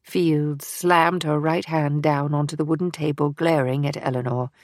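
A woman narrating an audiobook in an even, measured way. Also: deep voice, no room sound, clean studio sound. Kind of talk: scripted narration.

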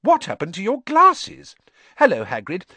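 A man voicing an eager, quick-talking young schoolgirl witch. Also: fairly high pitch, huge pitch swings, a bit bright, slightly rough, no room sound, pitched above the performer's own voice, heavily acted. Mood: excited. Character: bossy bright schoolgirl witch.

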